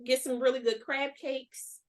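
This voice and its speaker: A woman in her thirties hosting a podcast, chatting casually with a friend in a playful, expressive way with plenty of laughs. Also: sits high, unhurried. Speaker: podcast host. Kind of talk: casual chat between friends.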